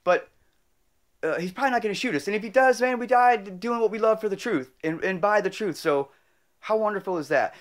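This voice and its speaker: A man's voice: sits high, a little fast. A man telling a heartfelt personal story in an earnest, rambling way, full of restarts and growing emotional. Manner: emotional, choking up. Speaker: motorcycle travel vlogger.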